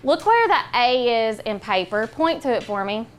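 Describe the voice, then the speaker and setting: Woman teacher, high voice, patient and directive, classroom, faint background noise. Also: very animated. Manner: clear, patient, directive, drawn-out sounds. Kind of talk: classroom phonics lesson.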